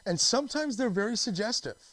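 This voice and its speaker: A man's voice: high-pitched, lively intonation, fairly quick, fairly bright tone, no echo, rough recording. A man from Canada talking in a rambling, restless monologue, full of restarts, fillers and swearing. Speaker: vlogger.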